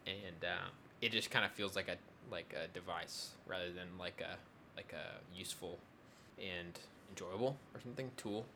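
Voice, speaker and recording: A man's voice: low-pitched, moderate pace, background noise. A young adult man in casual conversation, rambling with many fillers and restarts. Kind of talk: casual chat.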